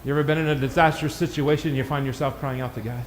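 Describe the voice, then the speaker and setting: A man preaching a sermon in a church, swinging from shouted climaxes to hushed, quick asides. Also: mid-range voice, steady tone, in a large hall, slight background noise. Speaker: pastor.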